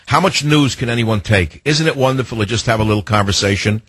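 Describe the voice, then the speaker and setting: A man's voice: fairly low pitch, fast, fairly bright tone, husky, dry recording. A man hosting a radio talk show, talking in an opinionated, emphatic and rambling way into a studio microphone.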